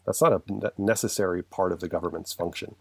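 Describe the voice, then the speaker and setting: A man with a deep, low-pitched voice speaks in a relaxed conversation. He argues his point with earnest passion, rambling and correcting himself as he goes. The sound is dry and close, with no room around it. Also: fast, creaky, no echo. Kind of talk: casual conversational chat.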